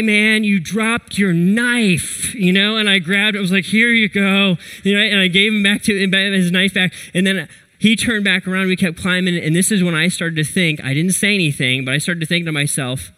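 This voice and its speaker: Man preaching with a lively story. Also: fairly high pitch. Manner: animated storyteller, acts out his own quotes. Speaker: pastor. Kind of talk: sermon with personal story.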